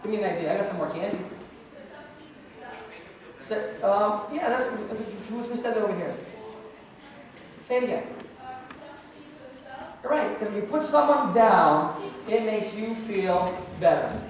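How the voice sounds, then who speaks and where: Man, high voice, school assembly speaker, story and audience Q&A, heard far off in a booming hall. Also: expressive, unhurried, long pauses. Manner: storytelling, joking with the audience, calling out questions to students. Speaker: anti-bullying speaker and martial arts teacher. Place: large echoey school hall with student audience. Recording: echoey hall from far off, faint noise.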